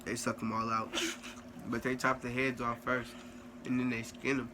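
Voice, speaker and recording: A man's voice: medium pitch, little pitch movement, moderate pace. A young adult man joking offhandedly in a casual vlog chat. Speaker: vlog co-host. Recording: noisy home recording.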